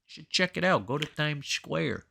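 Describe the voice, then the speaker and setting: A man, co-hosting a podcast and telling a story in a profane, animated way. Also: a little high, normal speed, gravelly. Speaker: podcast co-host. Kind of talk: casual storytelling.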